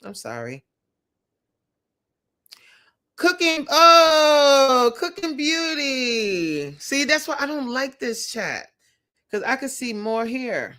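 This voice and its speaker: A woman's voice: on the high side, big pitch swings, measured pace, pushed and bright. A woman hosting a casual livestream, chatty, laughing often and reading viewer comments aloud. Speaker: livestream host and creator coach.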